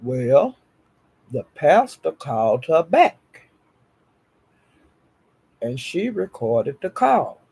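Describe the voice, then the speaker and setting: A man telling a gossipy story in a casual, animated way. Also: fairly high pitch, very slow, vocal fry, long pauses, slightly rough.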